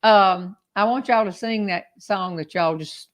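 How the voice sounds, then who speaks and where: A woman's voice: mid-range voice, a little slow. An older woman with a Southern US accent, hosting a casual, teasing, folksy chat on a back porch. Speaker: host.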